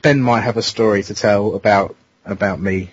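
A man's voice: on the low side, fairly even intonation, normal speed, breathy edge. A man hosting a casual radio show, teasing his co-hosts. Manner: teasing, jokey. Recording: dull dry lo-fi radio studio sound.

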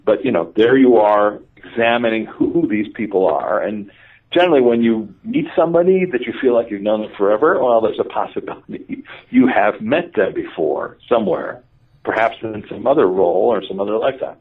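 A man tells his story with bouncing, expressive pitch and a wry, self-mocking edge, slipping into the voices of the people he quotes. He sounds thin and boxy through a phone line and sits a little away from the mic. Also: recorded from a distance. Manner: lively, self-mocking, quick asides, acts out dialogue. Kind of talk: animated personal storytelling.

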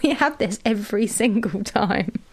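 A woman's voice: medium pitch, expressive, normal speed, slightly rough. A tipsy woman co-hosting a podcast, giggling and teasing her husband in casual chat. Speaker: podcast co-host. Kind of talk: casual chat, joking recap.

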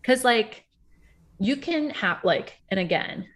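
A woman with a frank, animated manner, chatting casually about a reality show and swearing freely. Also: on the high side, slow. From Puerto Rico.

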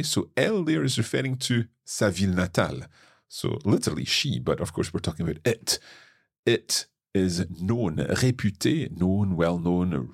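A man's voice: sits low, creaky, breathy edge, no room sound, studio quality. A man with a Scottish accent, hosting a language lesson and patiently explaining a text line by line. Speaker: French teacher and podcast host.

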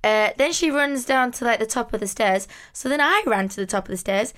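A woman co-hosting a podcast, telling stories in a giggly, animated way. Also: on the high side, brisk. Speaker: podcast co-host. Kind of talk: casual chat.

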